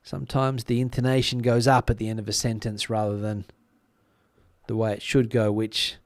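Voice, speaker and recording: A man's voice: fairly low pitch, flat delivery, normal speed, dry recording, studio quality. A middle-aged man with an Australian accent, casually chatting on a live stream, rambling with plenty of fillers and restarts. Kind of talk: casual live-stream chat reading comments.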